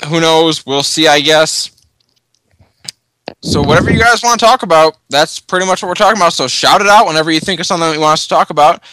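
A man's voice: fairly high pitch, fast talker, bright, forceful tone, no echo. A man hosting a casual podcast chat after a few drinks, loose and rambling. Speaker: podcast host.

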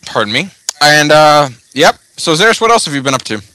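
A man's voice: fairly high pitch, big pitch swings, brisk, bright, forceful tone, slight background noise. A man hosting a casual podcast chat after a few drinks, loose and rambling. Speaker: podcast host.

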